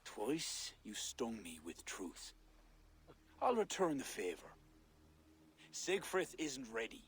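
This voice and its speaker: An actor playing a stern, proud king who speaks in a grave, measured way in a video game. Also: medium pitch, big pitch swings, breathy edge, full character voice. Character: stern older male king, gruff and proud.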